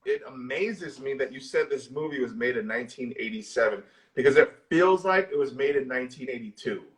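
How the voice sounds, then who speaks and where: A man co-hosting a casual horror movie chat, retelling scenes excitedly and swearing constantly. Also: mid-range voice, brisk. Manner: excitable, profane, storytelling with lots of swearing. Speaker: horror movie discussion co-host. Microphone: live social video stream.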